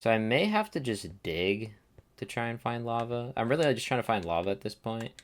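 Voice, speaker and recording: A man's voice: mid-range voice, very animated, brisk. A young man chatting casually and rambling while playing a game, dropping slang as he goes. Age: young adult. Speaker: let's play gamer. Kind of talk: casual gameplay commentary.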